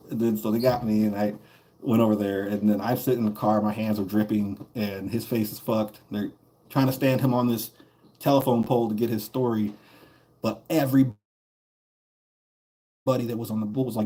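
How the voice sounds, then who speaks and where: A man's voice: on the low side, steady tone, moderate pace, long pauses, mellow. A man streaming a game while telling a story in a casual, profane, rambling way, laughing between lines.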